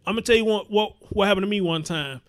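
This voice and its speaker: A man with a high voice hosts a live commentary stream. He reads viewer comments aloud and answers in a blunt, profane way. He often repeats his points for emphasis. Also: fast talker, fairly bright tone. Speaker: host.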